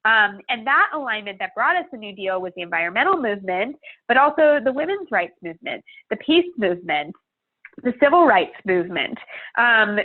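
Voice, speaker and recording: A woman guest speaking over a tinny, phone-like remote call in a podcast interview. Her voice sits at a middle pitch. She talks earnestly and emphatically and works through her thoughts out loud. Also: very animated, brisk. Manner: earnest, emphatic, thinks aloud. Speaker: guest, climate organizer.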